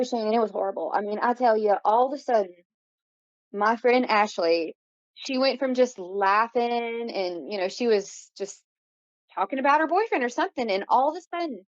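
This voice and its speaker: Woman guest in her late 30s, animated storyteller, dead dry room, dull lo-fi audio. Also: a little high, normal speed, no room sound. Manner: vivid, breathless retelling with many fillers. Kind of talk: casual interview storytelling. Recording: dull lo-fi sound.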